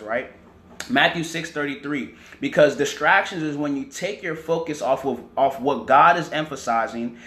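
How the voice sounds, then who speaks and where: A man's voice: medium pitch, a bit bright, roomy sound. A man preaching a teaching sermon, often repeating words and checking in with "right?" and "amen".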